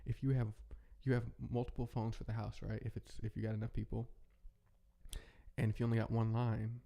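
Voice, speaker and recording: A man hosting a casual, rambling monologue, talking in a relaxed way with many restarts. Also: lowish voice, a little fast, vocal fry, lo-fi sound. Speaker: host.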